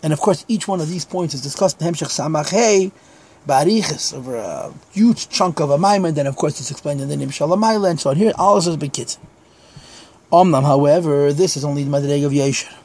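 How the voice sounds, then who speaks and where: Casting note: man, husky, fairly high voice, Torah teacher reading out slowly and explaining. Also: a little mellow. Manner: reads Hebrew phrases slowly, then explains in English. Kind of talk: Chassidic text class.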